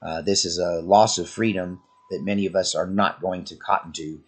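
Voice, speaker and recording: Deep husky man with a sore throat. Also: fairly even intonation, moderate pace. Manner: earnest, warning tone. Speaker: channel host. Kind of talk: commentary monologue. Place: Oklahoma, US.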